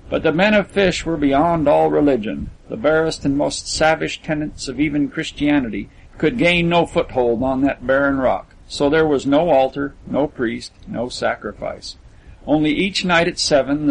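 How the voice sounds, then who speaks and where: Man, audiobook narrator, slightly higher voice, measured literary delivery. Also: creaky, poor audio.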